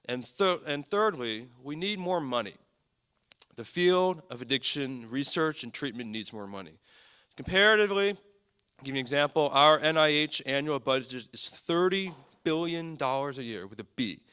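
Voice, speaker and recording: A man's voice: a little high, lively intonation, normal speed, pushed and bright, clean tone. Emphatic man giving a talk. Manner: earnest, emphatic, lists points with repetition. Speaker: psychiatrist speaking at a lecture event. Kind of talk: public talk to an audience.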